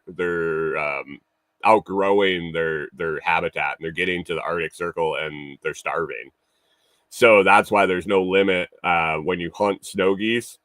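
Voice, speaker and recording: Laughing, cursing and restarting rambling thoughts, a man reads viewer comments on his casual livestream morning show. He speaks low and a bit bright, with no room sound.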